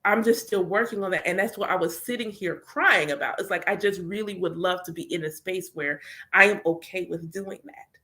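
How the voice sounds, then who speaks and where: A woman's voice: fairly low pitch, brisk, pushed and bright. A woman talking casually and candidly about her spiritual practice as a reader and teacher, with lots of "like" and voiced quotes of her prayers. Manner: candid, chatty, full of filler "like".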